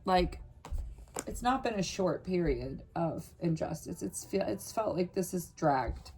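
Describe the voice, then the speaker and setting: Her voice is low, darkish and expressive, unhurried, with a little hiss or hum in the recording. As a tarot reader talking to camera, she rambles earnestly through fillers and false starts, and for a moment emotion makes her voice catch.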